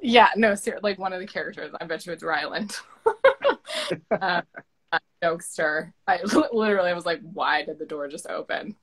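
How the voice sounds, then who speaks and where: A woman's voice: lowish voice, normal speed, a bit bright, rough recording. A woman author interviewing her narrator in casual chat, effusive and gushing, with many fillers and restarts.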